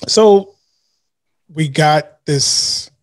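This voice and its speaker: A man hosting a casual interview, asking questions in a relaxed, agreeable way. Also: fairly high pitch, extremely slow. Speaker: interview host.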